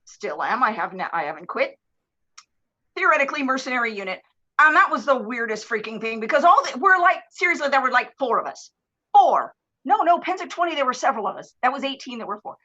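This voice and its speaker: A woman guest on a live streamed talk show, telling stories in a lively, casual way and acting out the people in them. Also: high voice, a little fast. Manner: animated, swears casually, acts out voices. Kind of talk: casual storytelling. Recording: dull lo-fi stream audio.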